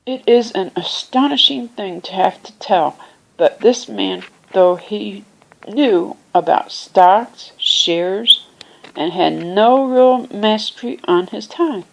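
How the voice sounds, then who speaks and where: A woman reads a classic children's story at a slow, patient pace. Her voice has a gravelly fry to it, and her pitch sits in the middle range. She stops now and then to explain a word or find her place. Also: slight background noise, poor audio. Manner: unhurried reading, voices characters with raised pitch. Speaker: reader. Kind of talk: amateur audiobook reading.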